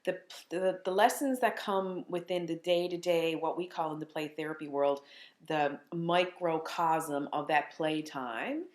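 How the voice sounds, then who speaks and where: A woman play therapist giving earnest, animated advice to parents in a casual chat. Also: low-pitched, a little slow. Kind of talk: informal parenting talk. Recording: echoey room.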